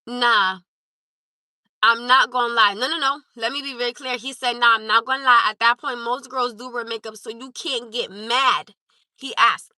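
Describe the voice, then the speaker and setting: A woman's voice: fairly high pitch, moderate pace, pushed and bright, no room sound. A woman hosting a live stream, talking to her chat in an emphatic, insistent way and repeating her points. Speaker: livestream host.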